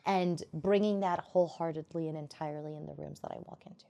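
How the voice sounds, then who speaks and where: A woman's voice: deep voice, fairly even intonation, fast talker, creaky, warm tone. A young woman from Colombia, chatting on a podcast and switching freely between English and Spanish as she talks. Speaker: podcast guest. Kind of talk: casual podcast conversation.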